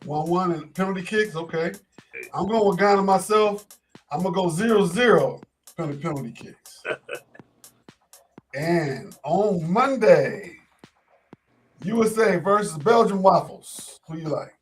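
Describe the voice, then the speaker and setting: A man's voice: high-pitched, measured pace, pauses often, soft background music. Laid-back male sports talk host. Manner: laid-back, repeats words when thinking. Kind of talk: casual sports chat.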